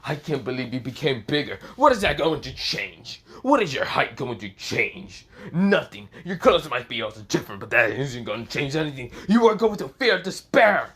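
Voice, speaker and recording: A man's voice: medium pitch, very animated, moderate pace, few pauses, bright, forceful tone, slightly rough, heavily acted. A man voicing an arrogant male villain who sneers at humans and threatens to kill. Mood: scornful.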